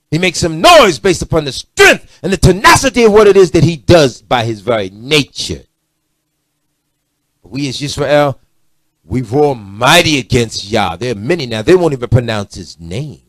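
A middle-aged man preaching a sermon, swinging from loud emphatic lines to low muttered asides. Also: no room sound. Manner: preachy, rising to shouts and dropping to low asides.

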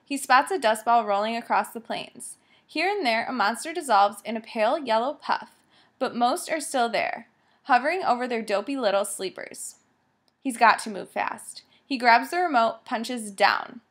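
A woman's voice: on the high side, expressive, normal speed, a bit bright. Woman narrating a story. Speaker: audiobook narrator.

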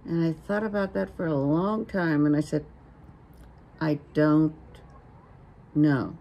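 An older woman in a casual family conversation, telling a story slowly and gently. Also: low-pitched, gravelly, lo-fi sound. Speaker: guest, the host's mother.

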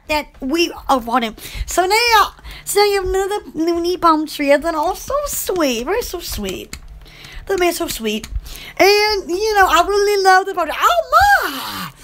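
Very high-pitched gushing woman. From Alabama. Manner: excitable, rambling, gushing. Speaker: livestream host. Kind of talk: casual live chat.

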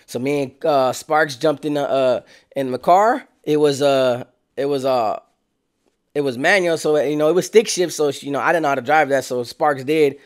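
A man's voice: normal speed, smooth. Slangy man telling wild stories. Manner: slangy, animated, acts out quotes in lower voice. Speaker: storyteller. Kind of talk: casual street storytelling.

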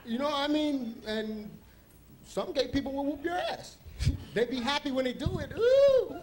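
A man's voice: very high voice, expressive, moderate pace, noisy background. A man doing a stand-up comedy set on a club stage, telling loose, rambling stories with asides.

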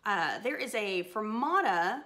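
A woman's voice: mid-range voice, expressive, a little slow, pushed and bright. A woman voice teacher giving a singing lesson, upbeat and encouraging as she coaches a phrase.

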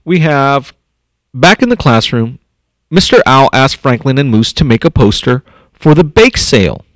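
A man's voice: mid-range voice, moderate pace, dry recording. A man reading a picture book aloud to young children at an elementary school as the district superintendent, stopping often to comment and think aloud. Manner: animated, thinks aloud and comments between passages.

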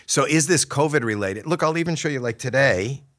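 An older man, a podcast guest, talking in casual chat, flustered and halting with many restarts. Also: mid-range voice, expressive, a bit bright. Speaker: celebrity guest.

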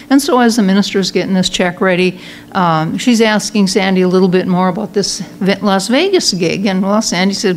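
A woman's voice: medium pitch, moderate pace. Woman minister, Sunday talk, chatty storyteller, faint room hum. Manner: conversational storytelling with fillers and restarts. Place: church sanctuary.

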